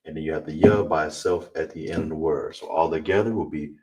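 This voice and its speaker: A man teaching a language class, breaking words into syllables and repeating each one slowly. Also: a bass voice, steady tone. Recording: distant mic with clear background noise.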